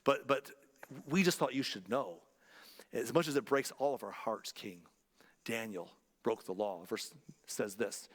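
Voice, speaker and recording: A man's voice: medium pitch, unhurried, in a large hall. A male pastor preaching a sermon, telling a story conversationally and driving points home through emphatic repetition. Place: church sanctuary.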